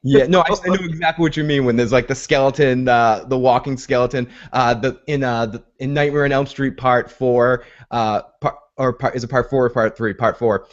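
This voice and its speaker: A man's voice: mid-range voice, fairly even intonation, brisk, hardly any pauses, highs cut off. A man co-hosting a casual recap podcast, retelling the episode with many fillers and restarts. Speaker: podcast co-host.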